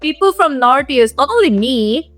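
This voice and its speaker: A woman's voice: high-pitched, lively intonation, normal speed, no room sound, soft background music. A young woman from Assam, India, with an Assamese accent, an esports caster talking earnestly in a casual podcast chat. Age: young adult.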